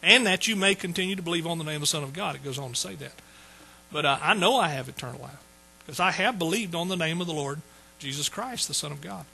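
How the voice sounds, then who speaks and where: A man's voice: a little high, fast, gravelly, sharp tone, slight background noise, rough recording. A man preaching a sermon in a folksy, joking way. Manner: folksy, joking asides to the congregation. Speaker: pastor.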